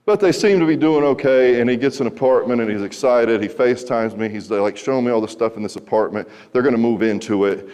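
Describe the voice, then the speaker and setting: A man's voice: mid-range voice, fast talker, few pauses, darkish tone, smooth. Man telling a story in a large hall. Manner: conversational, wry, asks the audience questions. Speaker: recovery speaker. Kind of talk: storytelling talk to a school audience. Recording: hall reverb.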